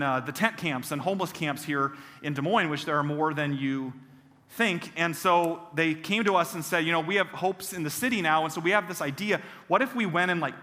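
A pastor delivers an animated sermon. His voice is bright and pitched a little high, and he acts out the people in his stories. The sound carries a long reverb from the church sanctuary. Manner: animated, acts out quoted voices with self-deprecating humor. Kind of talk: sermon with personal storytelling.

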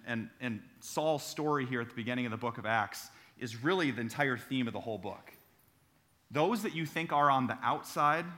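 A young adult man with a mid-range, sharp-toned voice preaches a sermon in a church sanctuary. The pastor talks conversationally, tells funny stories, and calls out to the audience.

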